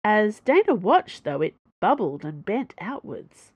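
Expressive woman reading her own fiction. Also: mid-range voice, a little slow, breathy edge, dry recording. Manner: expressive, animated storytelling.

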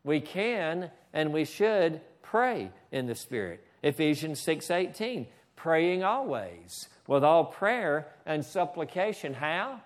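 A man's voice: fairly high pitch, big pitch swings, takes it slowly, few pauses. A man preaching a sermon in a church, often asking "Amen?" and stopping to direct the slides. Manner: preaching with frequent "Amen?" and asides to the slide operator. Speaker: pastor.

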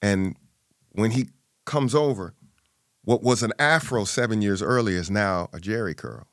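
A man's voice: lowish voice, normal speed, fairly bright tone, no room sound, studio quality. A middle-aged man, an interview guest, telling a personal story and acting out the voices of his family.

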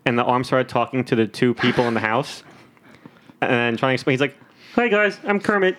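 A man's voice: mid-range voice, brisk, background noise. A man co-hosting a podcast, telling jokey stories in casual chat. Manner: jokey, animated storyteller who slips into silly voices. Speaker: podcast co-host.

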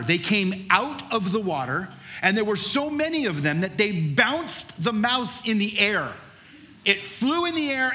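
A middle-aged male pastor preaching a sermon, telling a lively personal story before moving into scripture. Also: sits high. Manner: animated storyteller, shouts during the story's peaks.

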